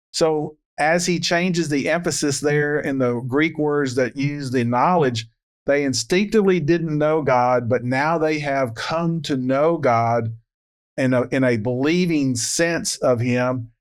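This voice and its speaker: A man co-hosting a Bible study, explaining Greek word meanings in a measured way. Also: medium pitch. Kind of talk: verse-by-verse Bible study discussion.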